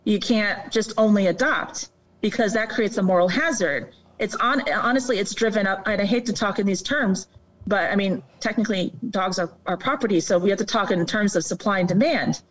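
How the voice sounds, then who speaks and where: A woman's voice: medium pitch, a little fast, far from the mic, low-quality recording. A woman talking as a podcast guest, explaining earnestly and acting out quoted people. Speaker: guest on animal welfare. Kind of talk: casual podcast chat.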